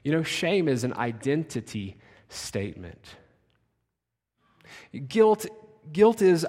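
A man preaches slowly and deliberately, his words trailing off into long pauses. His voice drops to near-whispers, then rises to sudden shouts. Long reverb from a big church sanctuary carries every word. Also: mid-range voice, very animated. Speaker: pastor. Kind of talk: sermon. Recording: long reverb of a large hall.

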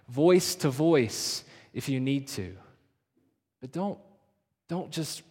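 A man preaching a sermon as pastor, pressing points hard, then dropping to hushed, slowed phrases. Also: mid-range voice, breathy edge. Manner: emphatic, swinging from loud urging to hushed, slowed phrases. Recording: long hall reverb.

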